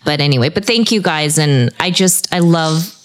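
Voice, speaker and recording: A woman's voice: low-pitched, lively intonation, normal speed. A young adult woman chatting as a podcast guest, emotional and rambling, laughing often. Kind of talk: casual chat.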